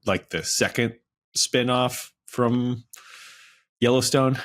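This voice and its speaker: A podcast co-host talking casually with friends. He rambles and drifts quieter as he searches for a title. His voice is mid-pitched for a man. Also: steady tone, slow. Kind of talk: casual chat.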